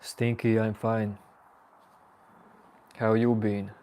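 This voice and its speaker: A man's voice: fairly low pitch, flat delivery, very slow, darkish tone, clear, resonant tone. A man hosting a late-night livestream, casually teasing and joking with his chat viewers. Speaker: livestream host.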